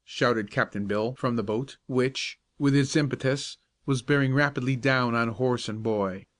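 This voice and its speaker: A male audiobook narrator reads a classic children's tale in a calm, measured way. His voice sits at an ordinary middle pitch and carries the story steadily. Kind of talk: scripted bedtime story narration.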